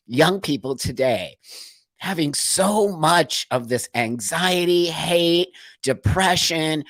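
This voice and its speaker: A man's voice: a little high, no room sound. Earnest man asking urgent questions. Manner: earnest, emotional, full of repeated rhetorical questions. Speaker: livestream host. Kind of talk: impassioned livestream monologue.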